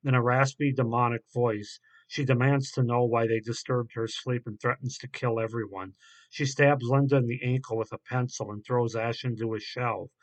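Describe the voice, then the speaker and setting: Man, casual film reviewer, halting delivery, lots of ums and restarts, mid-pitched voice. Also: steady tone. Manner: halting, many fillers and restarts. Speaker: horror movie reviewer.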